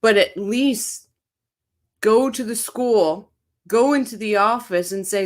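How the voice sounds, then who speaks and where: A woman's voice: mid-range voice, slow pace, long pauses. A woman hosting a true-crime show, casually commenting on trial footage with blunt, sarcastic asides. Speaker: true-crime channel host.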